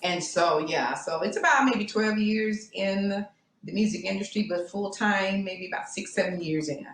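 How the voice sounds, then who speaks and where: A woman's voice: mid-range voice, moderate pace. Chatty woman panelist in an echoey room. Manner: warm, laughing, hesitant with many ums. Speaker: panelist, vocalist. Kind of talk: casual chat on a video call. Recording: echoey room, faint noise.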